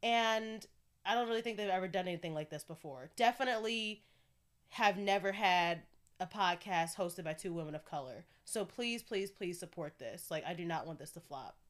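A woman's voice: lowish voice, moderate pace. A young woman hosting her own podcast in a casual, candid solo chat, talking freely and laughing often. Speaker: podcast host.

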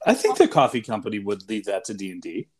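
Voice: low voice, huge pitch swings, fast, a little mellow. A podcast co-host making wry asides in casual chat.

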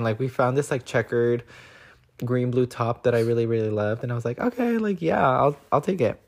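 A young man chatting casually in a vlog, telling a story with lots of filler words and acting out quotes in a higher voice. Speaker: vlogger.

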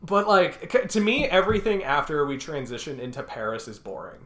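A man co-hosting a casual chat, joking and animated as he recaps a movie musical. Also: fairly high pitch, a little fast, roomy sound, slight background noise. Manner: animated and joking, breaks into acted quotes. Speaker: podcast co-host.

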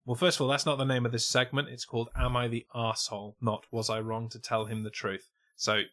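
Brief: male co-host, deadpan reader, casual comedy chat. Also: medium pitch, a little fast. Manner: dry, reading out a post, sarcastic. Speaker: podcast co-host.

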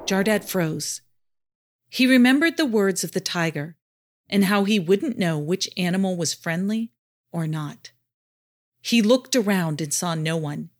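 A woman narrating a children's story in an expressive storytelling manner. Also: lowish voice, unhurried.

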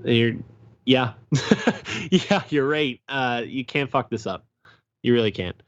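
A man's voice: mid-range voice, lively intonation, slow pace. A man co-hosting a casual sports podcast, rambling and hesitant, with many fillers and restarts. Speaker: podcast co-host. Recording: dull lo-fi sound.

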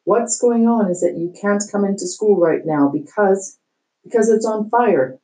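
A woman's voice: medium pitch, a little slow, pitched above the performer's own voice, close to an everyday voice, low-quality recording. A woman reading aloud, voicing a flustered, blustering male school principal who insists nothing is wrong. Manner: loud, insistent, denying the obvious.

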